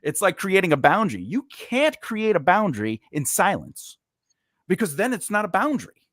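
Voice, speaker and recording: A man's voice: sits high, very animated, normal speed, a bit bright, no room sound, clean studio sound. A man in casual conversation, explaining his views reflectively and sometimes repeating words. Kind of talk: casual chat.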